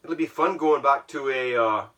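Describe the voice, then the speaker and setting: A man's voice: mid-range voice, normal speed, a bit bright, far from the mic. A man vlogging while sitting in an ice bath at home, musing aloud in a rambling, self-mocking way with a put-on Irish brogue. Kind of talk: casual reflective monologue.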